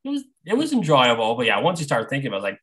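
Bright-voiced, easygoing man guest. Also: medium pitch, huge pitch swings, racing, rough recording. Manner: easygoing, laughs often. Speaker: podcast guest. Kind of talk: casual podcast chat.

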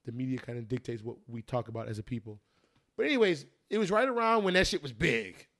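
A young podcast host with a mid-range voice talks fast, rambling and swearing casually through animated stories after a few drinks. He restarts often in this casual chat.

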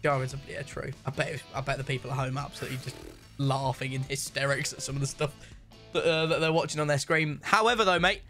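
A man's voice: medium pitch, fairly even intonation, fast, sharp tone, soft background music. A young man casually commentating a football video game match with a friend, laughing and bantering. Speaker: gaming YouTuber host.

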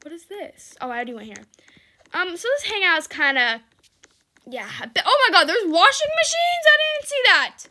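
In an extremely high, sing-song voice that is bright and forceful, a young woman gaming YouTuber chats about her gameplay at normal speed. Giggly and laughing often, she exclaims, shrieks for help, and reads chat aloud.

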